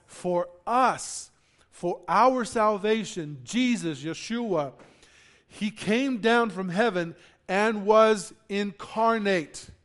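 This pastor has a strikingly high voice and preaches emphatically, rising loud on key phrases and then dropping low to explain. He repeats words along the way and regularly puts questions to the congregation.

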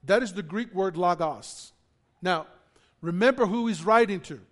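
A man preaching a sermon, swinging from loud emphatic declarations to low explanations, often repeating himself and putting questions to the congregation. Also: normal speed. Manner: repeats words and restarts, asks the congregation questions. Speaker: pastor.

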